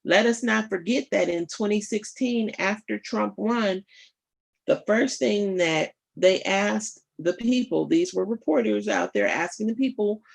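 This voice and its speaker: Gravelly, husky woman radio host. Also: mid-range voice. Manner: emphatic, rhetorical, addresses listeners directly; thinks aloud with fillers and pauses. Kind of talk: live political commentary.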